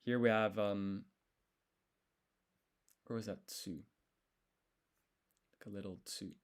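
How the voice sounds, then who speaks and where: A man studying a language on a live stream, thinking aloud, sounding out syllables slowly and correcting himself as he goes. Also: fairly low pitch, steady tone, smooth.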